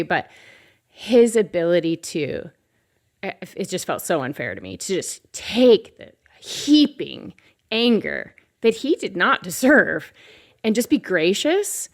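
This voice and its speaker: A woman's voice: lowish voice, a little slow. A woman pastor hosting a faith podcast, chatting casually and telling a story with acted-out quotes. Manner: animated storyteller, acts out quoted voices. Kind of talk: casual conversation.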